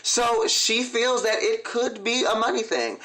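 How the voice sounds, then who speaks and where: Male vlog host, sassy and opinionated, with a high voice and casual delivery. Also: animated, unhurried, sharp tone. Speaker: vlog host recapping a TV show. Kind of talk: casual commentary.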